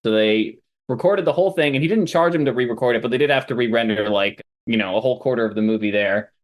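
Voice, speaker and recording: A man's voice: mid-range voice, quick pace. A man who is a guest on a film podcast, speaking in casual chat with hesitant "uh"s and restarts.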